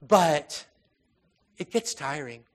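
A man preaching an informal sermon in a conversational way, full of fillers and restarts, moving between raised intensity and quiet, soft passages. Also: a little high, lively intonation, takes it slowly.

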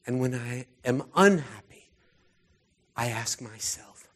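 A man preaching a sermon through personal stories, earnest and heartfelt, his voice often dropping soft and quiet. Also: mid-range voice, lively intonation, takes it slowly.

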